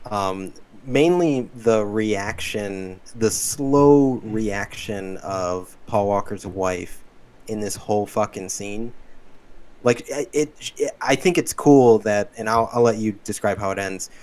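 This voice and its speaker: A man co-hosting a casual movie podcast, talking slowly and deliberately with some swearing. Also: fairly low pitch, darkish tone. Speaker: podcast co-host. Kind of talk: casual movie review chat.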